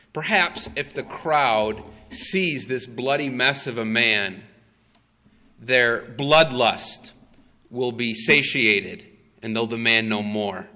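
A male preacher retelling a story in a sermon, dramatic and emphatic with long pauses. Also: medium pitch, sharp tone, in a large hall.

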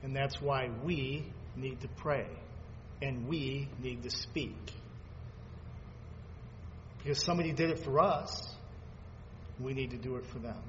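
A man preaching a sermon, swinging between fervent loud peaks and quiet asides as he reads scripture aloud. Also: mid-range voice, measured pace, pauses often. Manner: reads scripture aloud in old-fashioned phrasing. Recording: dull lo-fi sound with long hall reverb and faint background noise.

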